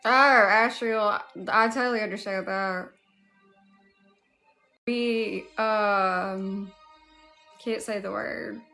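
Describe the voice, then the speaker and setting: A woman's voice: mid-range voice, little pitch movement, drawn-out words, creaky, long pauses, soft background music. A woman with a Southern US accent hosting a casual livestream, greeting chatters by name. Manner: warm greetings to chat, drawling. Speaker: livestream host. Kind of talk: casual live chat.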